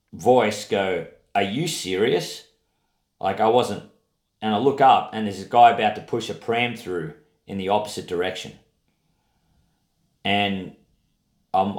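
Laid-back man in an echoey room. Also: on the low side. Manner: laid-back, rambling storyteller with frequent fillers. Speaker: podcast co-host, touring comedian. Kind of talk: casual chat.

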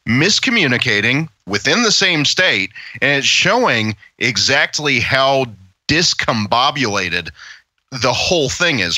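Male co-host, very bright lively voice, mocking storyteller, dry sound. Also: mid-range voice, no echo. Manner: animated, mocking, filler-heavy. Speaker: podcast co-host. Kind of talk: casual podcast commentary.

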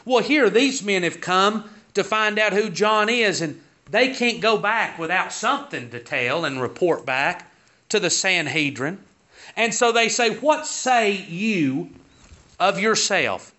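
His voice sits high, bright and forceful, with lively intonation and an unhurried delivery, as he teaches Sunday school. He reads Bible passages in King James phrasing and then unpacks them, recorded in dull lo-fi audio.

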